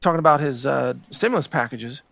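A man's voice: mid-range voice, lively intonation, a little fast, gravelly, a bit bright, no room sound. A middle-aged man hosting a political show, speaking in a heated, ranting monologue that often repeats words. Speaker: show host.

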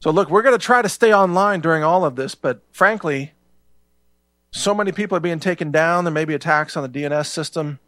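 A man's voice: a little high, a little fast, a bit bright, no echo. A middle-aged man hosting a political show, speaking in a heated, ranting monologue that often repeats words. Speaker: show host.

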